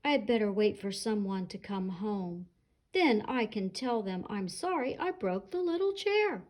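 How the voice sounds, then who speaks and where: A woman voicing a curious, hungry little girl in a storybook read aloud, with breathy, sighing exclamations. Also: mid-range voice, expressive, a little slow, darkish tone, close to an everyday voice. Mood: fretful.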